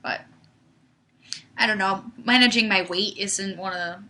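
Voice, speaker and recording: A woman's voice: medium pitch, unhurried, bright, forceful tone. A young woman hosting a casual livestream, answering viewer questions in a chatty way full of "like" and "um". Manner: chatty, uses filler "like" often. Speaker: livestream host.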